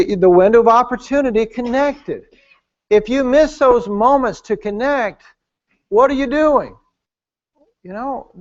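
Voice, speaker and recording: Pastor guy preaching, lively, does voices for his stories, high pitched. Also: highs cut off. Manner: animated, acts out quoted voices. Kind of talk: preaching at a marriage conference. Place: church service hall.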